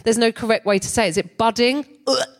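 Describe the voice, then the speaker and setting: A middle-aged woman performing stand-up comedy on a theatre stage, telling a story with a sardonic, animated delivery and laughing between lines. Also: a little high, fast.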